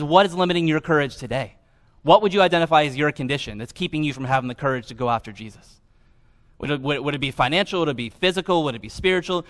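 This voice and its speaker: Animated young pastor in a reverberant hall. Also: male voice, a little high. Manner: animated, conversational, casual slang. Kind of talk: sermon. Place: church sanctuary.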